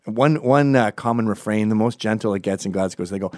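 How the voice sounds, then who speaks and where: A man with an American accent telling comic stories in a rambling, digressive way with deadpan asides. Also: on the low side, a little fast, no echo, clean studio sound. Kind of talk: comedic storytelling monologue.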